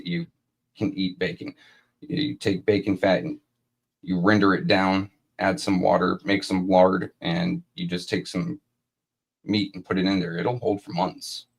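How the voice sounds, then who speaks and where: Husky low-voiced guy cohosting a stream, blunt, cusses constantly. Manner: blunt, swears a lot. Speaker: co-host. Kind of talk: casual live-stream chat.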